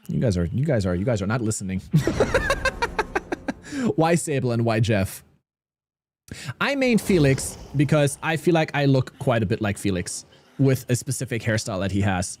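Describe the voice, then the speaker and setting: A young man from Germany streams a game, chatting casually with viewers, joking and cursing in his livestream commentary. His medium-pitched voice is a little mellow, with slight background noise.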